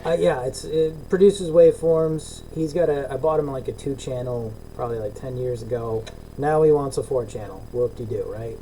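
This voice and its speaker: A middle-aged man venting on a video call podcast, swearing freely and acting out his exchanges with others. His voice is very dark and mellow, with a faint hiss of background noise behind it. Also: medium pitch, steady tone, moderate pace, rough recording. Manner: ranting, swears a lot, acts out both sides of calls. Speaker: podcast co-host. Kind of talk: casual profane chat.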